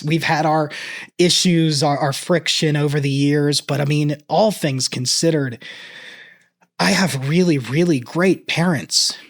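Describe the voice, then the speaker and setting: A man in his thirties speaking in a slightly raised voice, choked up as he reacts. He talks earnestly and reflectively, stopping and restarting in halting bursts of casual commentary. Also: a little high. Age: 30s. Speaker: reaction video host.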